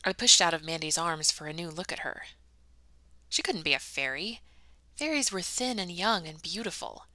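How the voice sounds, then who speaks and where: A woman's voice: lowish voice, animated, normal speed, bright, forceful tone, no echo. A woman reading a novel aloud, with casual, self-deprecating asides between chapters. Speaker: audiobook reader.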